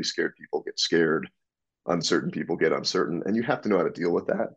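Low gravelly guy on a podcast, husky, kinda muffled lo-fi audio, acts out the dialogue. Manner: animated storyteller acting out dialogue, frank and profane. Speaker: podcast guest, business owner. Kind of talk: casual interview storytelling. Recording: dull lo-fi sound.

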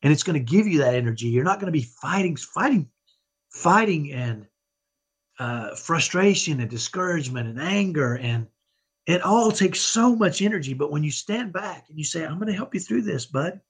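A man's voice: fairly high pitch, animated, moderate pace, husky. A middle-aged man giving an earnest, motivational parenting talk as a podcast guest, often checking in with "right?". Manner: earnest, tags points with "right?".

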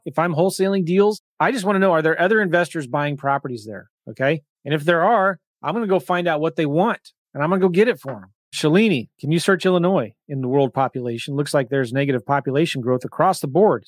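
Man, real estate coach, live-stream Q&A host, slightly high voice, dry close mic, animated and chatty. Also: no echo. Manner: animated, conversational, exasperated asides.

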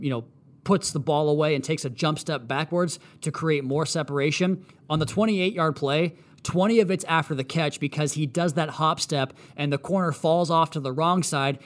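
A man with a somewhat high voice talks through game film play by play. He explains each snap in a brisk, animated way, as a podcast host. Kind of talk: analytical film breakdown commentary.

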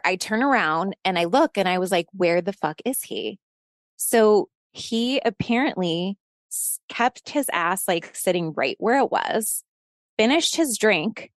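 Woman in her thirties, casual interview storytelling, animated, swears freely, laughs a lot, dry close sound, medium pitch. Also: no room sound. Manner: animated, profane, laughs often, acts out shouted quotes. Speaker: podcast host telling a personal story as interview guest.

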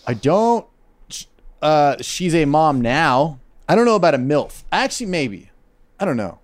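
A man's voice: on the high side, very animated, unhurried. Playful young man riffing on a podcast. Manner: playful, jumps into silly character voices. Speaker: podcast co-host. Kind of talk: casual comedy podcast chat.

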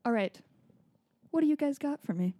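Woman cohost, higher voice, quick excited reactions, dry mic. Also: dry recording. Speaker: podcast co-host running the segment. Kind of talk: casual podcast chat.

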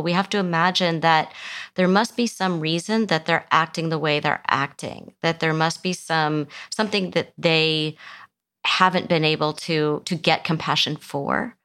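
A middle-aged woman speaks in a low, gravelly voice as a therapist guest in a conversational interview. She explains her points earnestly, often restarting her sentences, and acts out the voices of the people she quotes. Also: normal speed, fairly bright tone. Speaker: psychotherapist and author guest.

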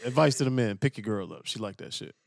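A man's voice: on the low side, quick pace, gravelly, dry recording, studio quality. A man co-hosting a podcast, chatting casually and crudely, joking and reading listener emails aloud. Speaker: podcast co-host.

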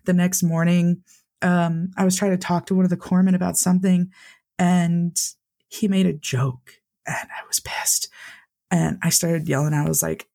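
Male interview guest, gravelly, earnest and candid, heavy on "like" fillers. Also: sits high, flat delivery, normal speed, warm tone. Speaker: interview guest, Navy veteran. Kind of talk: candid personal storytelling.

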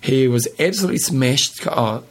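A man's voice: mid-range voice, expressive, normal speed, slightly rough. A man co-hosting a casual talk show, joking and reading listener notes aloud. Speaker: podcast co-host. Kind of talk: casual chat.

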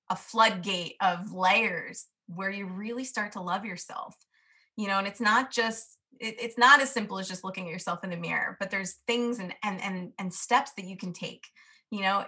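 A woman talks as a podcast guest in an easy, storytelling flow. Her voice is bright and clear-edged, earnest and lively, with plenty of casual "like" and "you know". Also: mid-range voice, moderate pace.

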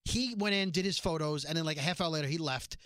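A man with a high, bright voice, co-hosting a podcast and chatting casually. He rambles through anecdotes full of asides and little jokes, recorded dry and close with no room sound. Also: quick pace, clear, resonant tone, no echo. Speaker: podcast co-host. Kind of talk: casual chat.

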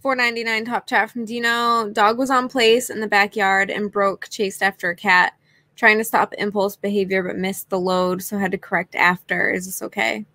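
A woman's voice: medium pitch, level tone, normal speed, sharp tone, no room sound. Woman reading viewer questions, dry close sound. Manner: reads questions aloud, laughs along, dry quips. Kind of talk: casual live Q&A.

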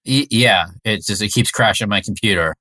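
A man's voice: fairly low pitch, brisk, sharp tone, no echo. A man in an improv comedy sketch, talking in a laid-back, grumbling way.

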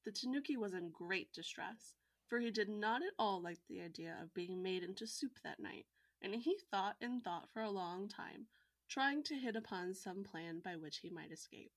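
A woman co-hosting a podcast, reading a folktale aloud in an even storytelling manner with joking asides. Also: mid-range voice.

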